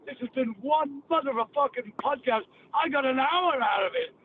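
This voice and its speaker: A brash, profane Cockney man hosting a podcast, telling his stories in a loose, rambling way. His voice sits very high. The sound is thin and phone-like, with a faint hiss underneath. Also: fairly quick. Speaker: podcast host.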